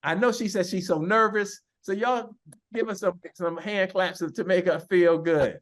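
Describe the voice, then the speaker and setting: A man leading a motivational business team call, rallying the listeners with drawn-out, preacher-like emphasis. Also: high voice. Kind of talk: motivational talk on a conference call.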